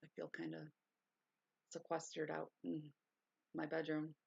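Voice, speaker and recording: Gravelly husky woman vlogger, lo-fi. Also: low-pitched, a little slow, dry recording. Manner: gushing, repeats herself, bursts of excitement; hushed at times to stay quiet. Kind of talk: casual livestream chat. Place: bedroom at home. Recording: dull lo-fi sound.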